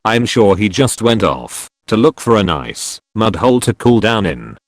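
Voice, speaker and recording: A male text-to-speech voice reading a weary older king's lines in a flat synthetic way. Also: fairly low pitch, moderate pace, dry recording, clean studio sound.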